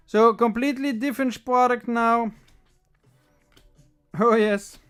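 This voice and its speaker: A chatty livestream host opening card packs and talking straight to the viewers. The voice is smooth and clean, pitched in a middling range. Talks loosely, thinks aloud and corrects itself mid-sentence. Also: a little slow, soft background music. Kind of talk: casual livestream chat while opening packs.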